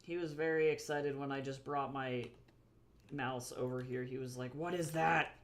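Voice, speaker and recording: A woman's voice: a bass voice, flat delivery, moderate pace. A woman streaming her comic drawing, chatting casually and talking fondly to her cat as she works at her desk. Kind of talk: casual livestream chat. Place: home desk at a drawing tablet.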